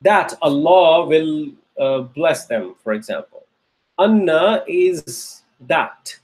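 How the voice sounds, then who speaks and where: High-voiced patient male teacher. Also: animated, slow pace, darkish tone. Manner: patient, repetitive, checks in with "okay?". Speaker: Arabic teacher. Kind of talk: online grammar lecture.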